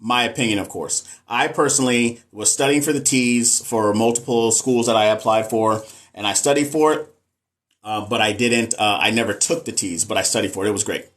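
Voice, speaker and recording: A man's voice: fairly low pitch, brisk, fairly bright tone. A man with a Texas Southern accent, hosting a casual livestream, reading comments aloud and talking candidly about nursing. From American South. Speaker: nurse and livestream host.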